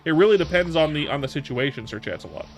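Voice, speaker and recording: A man in his thirties with a fairly high voice, chatting casually with his livestream viewers. He rambles through his answers, restarting sentences and repeating words, with faint music playing underneath. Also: lively intonation, fast. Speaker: streamer.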